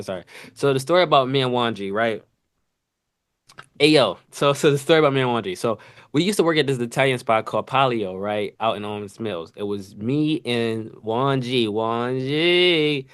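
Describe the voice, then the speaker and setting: Slangy, animated man telling work stories. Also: mid-range voice, moderate pace, clear, resonant tone. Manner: animated, slangy, acts out kitchen sounds and voices. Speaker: podcast host. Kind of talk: casual storytelling monologue.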